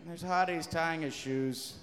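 A man with a high voice rambles through a foul-mouthed story between songs at a live show. He bursts into shouts now and then. His voice rings out with a long reverb tail in a big hall. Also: measured pace. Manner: profane, animated storytelling with sudden shouts. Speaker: comedy musician on stage. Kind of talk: rambling live stage banter.

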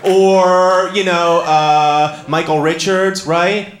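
A man doing a stand-up comedy set, talking conversationally to the crowd and breaking into loud sung and shouted bits. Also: sits high, fairly even intonation, extremely slow. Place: live comedy stage before an audience. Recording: roomy hall with audible ambience.

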